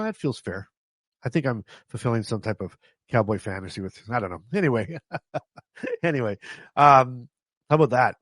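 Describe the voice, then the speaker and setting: A man's voice: medium pitch, dry recording. Chatty self-mocking man, dry close sound. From Canada. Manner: chatty, self-mocking, laughs often, repeats and restarts. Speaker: vlogger. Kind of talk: casual storytelling to camera.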